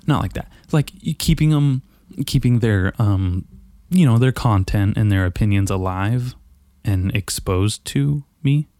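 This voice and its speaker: A low-pitched man rambling through a casual solo monologue, swearing freely and poking fun at himself. He sounds a little out of breath. His voice comes through a desk mic on a boom arm in a dry, close home setup. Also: animated, unhurried, warm tone, no room sound. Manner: profane, loose, self-mocking. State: a bit out of breath.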